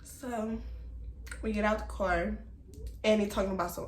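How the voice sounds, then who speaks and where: Animated woman telling a story, echoey room. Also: medium pitch, a little slow, pauses often. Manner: animated, emphatic, talks straight to viewers as y'all. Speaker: vlogger telling a personal story. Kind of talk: casual storytime to camera.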